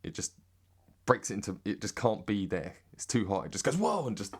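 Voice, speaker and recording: An English man in a rambling, sweary deadpan comic monologue. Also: lowish voice, fairly quick, very noisy. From Britain. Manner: rambling and sweary, drifting into mock accents. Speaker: comedic monologue host.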